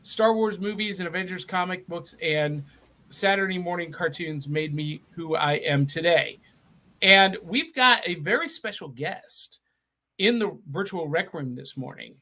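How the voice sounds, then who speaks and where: A man's voice: sits high, unhurried, pushed and bright. A middle-aged man from Middle Tennessee hosting a live online show, chatty and enthusiastic with frequent restarts. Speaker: host.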